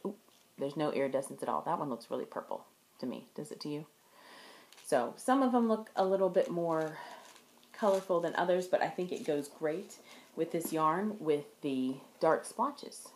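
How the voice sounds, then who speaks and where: A woman with a lowish voice chats casually to the camera as the host of a knitting show. She meanders and restarts her sentences while holding up her work. The room around her sounds roomy and echoey. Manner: chatty, meandering, self-correcting while showing work to camera. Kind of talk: casual show-and-tell chat. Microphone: camera in front of her. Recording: roomy echo.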